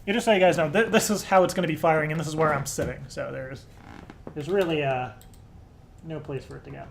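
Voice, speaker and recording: A man's voice: fairly high pitch, fast talker, gravelly, a little hiss or hum. A young man hosting a live stream, talking casually and nervously, swearing and laughing often. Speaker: live show host.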